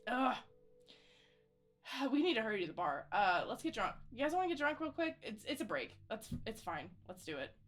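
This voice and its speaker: A woman playing a character in a tabletop game, talking in an emotional, halting way. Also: fairly high pitch, big pitch swings, faint music behind. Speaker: player.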